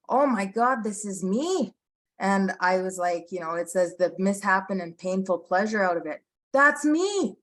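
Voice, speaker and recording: A woman's voice: sits low, rough recording. A woman co-hosting a recovery podcast, telling her own story earnestly in casual talk with many fillers and restarts. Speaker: podcast co-host. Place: Medicine Hat, Canada, as origin of story not origin.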